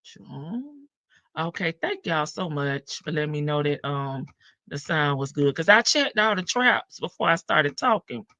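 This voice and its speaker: A woman's voice: sits low, expressive, unhurried, pushed and bright, dry recording. An older woman hosting a casual live stream, greeting viewers one by one and stretching out her hellos. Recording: dull lo-fi stream audio.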